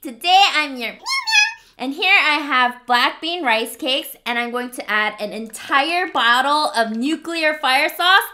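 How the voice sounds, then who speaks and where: Woman, high voice, slow and chatty, cutesy, eating close to the mic. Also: expressive, bright, forceful tone, a little hiss or hum. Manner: chatty, playful, cutesy meowing. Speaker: mukbang host. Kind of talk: casual eating vlog. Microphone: close mic picking up eating sounds.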